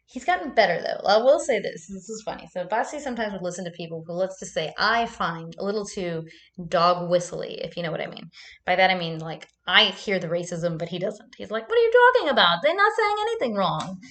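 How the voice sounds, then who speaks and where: A woman's voice: on the low side, moderate pace, a bit bright. A young woman vlogger chatting loosely on a livestream, swearing freely and laughing often. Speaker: vlogger hosting a live chat. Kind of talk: casual livestream chat.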